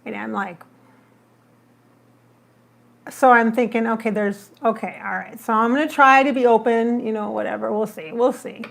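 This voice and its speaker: Animated woman telling a story. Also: a little high, normal speed, vocal fry, long pauses. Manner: animated, acts out her own remarks in the retelling. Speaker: psychic medium. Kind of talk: casual livestream storytelling.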